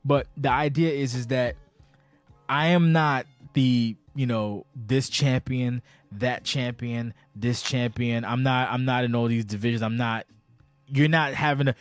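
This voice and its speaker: A man's voice: mid-range voice, measured pace, no echo, faint music behind. A man hosting a podcast in casual chat, a little tipsy, rambling, swearing and stumbling over his words as he rants. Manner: rambling, profane, animated, stutters and restarts. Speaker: podcast host.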